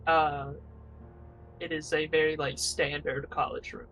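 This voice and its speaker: A man running a tabletop game as game master, relaxed and conversational. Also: fairly high pitch, unhurried, faint music behind, poor audio.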